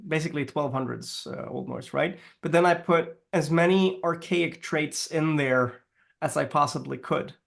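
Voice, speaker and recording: A man's voice: a little high, gravelly. A man being interviewed in a casual chat, talking loosely with many fillers and restarts and laughing often. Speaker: guest, language consultant.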